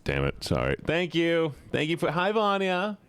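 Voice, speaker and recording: A man's voice: on the high side, moderate pace, smooth. A male streamer doing live gameplay commentary, chatting with viewers and yelping when things go wrong. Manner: excitable, yelps when frustrated, chats with viewers.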